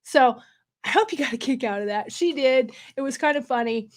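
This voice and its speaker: A woman's voice: high-pitched, lively intonation, brisk. Wired, chatty woman. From California. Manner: rambling, wired and chatty with laughs. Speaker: livestream host. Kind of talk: casual livestream chat. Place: hotel room.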